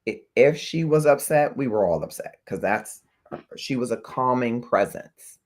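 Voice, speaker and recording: A man's voice: mid-range voice, expressive, unhurried. A man hosting a talk show, speaking earnestly and reflectively to his viewers and checking in with them. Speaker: host of a talk show on grief. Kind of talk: heartfelt livestream talk to viewers.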